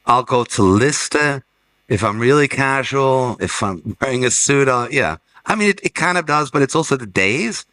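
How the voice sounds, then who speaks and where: On a rough recording, a middle-aged gallerist and fair director talks at a moderate pace with an animated, mid-range voice that is bright and forceful. His stories at this casual panel ramble, and he frequently restarts his sentences.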